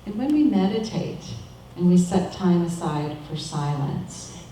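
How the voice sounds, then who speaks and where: A middle-aged woman giving a calm, measured, reflective sermon as a minister. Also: on the low side, far from the mic, a little hiss or hum. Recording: echoey room, voice from off-mic.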